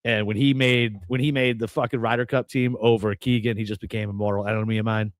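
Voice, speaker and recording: A man co-hosting a casual golf betting podcast, ranting with lively, profane emphasis. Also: fairly low pitch, quick pace, no room sound. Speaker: podcast co-host. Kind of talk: casual sports betting chat.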